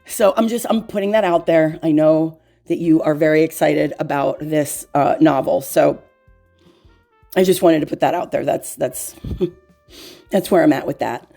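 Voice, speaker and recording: A woman hosting a comedic mock interview, speaking in a hesitant, halting way with gentle teasing. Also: deep voice, gravelly, faint music behind. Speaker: host.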